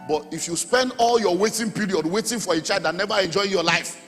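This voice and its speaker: A middle-aged Nigerian man preaching a sermon as pastor, animated, with sudden shouts and sung phrases. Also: high-pitched, fairly quick. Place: church hall. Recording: long hall reverb, faint music.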